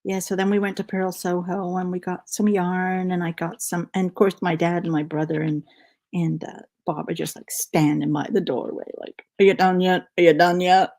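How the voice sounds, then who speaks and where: A woman's voice: on the low side, flat delivery, normal speed, mellow. A middle-aged woman hosting a knitting livestream, telling a rambling story in casual chat and counting stitches aloud.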